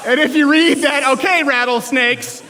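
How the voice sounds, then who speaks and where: A man from Canada delivers a comedic political talk to students. His voice sits high and bright for a man, and he is animated and joking, breaking into shouts. Long hall reverb follows every line. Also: normal speed, slight background noise. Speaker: speaker addressing college students.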